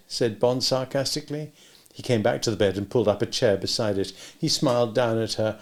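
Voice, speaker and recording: Gravelly man reading a novel aloud. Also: on the low side, a little fast. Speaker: audiobook reader. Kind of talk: scripted narration.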